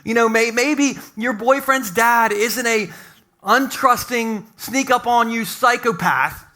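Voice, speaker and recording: A man's voice: very high-pitched, slow, bright, forceful tone. A man preaching a humorous sermon as a pastor in a church, talking in a playful, conversational way full of jokes. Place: church sanctuary.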